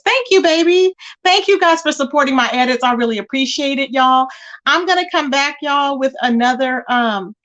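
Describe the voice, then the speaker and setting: Woman livestreaming, high voice, aave, gossipy and chatty with her chat. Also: a bit bright. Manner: chatty, talks to viewers directly. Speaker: livestream host.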